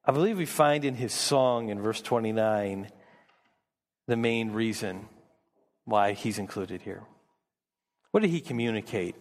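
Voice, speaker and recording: A man's voice: fairly low pitch, unhurried, long pauses, long reverb tail. A man preaching a sermon as pastor, earnest, often repeating words as he builds emphasis.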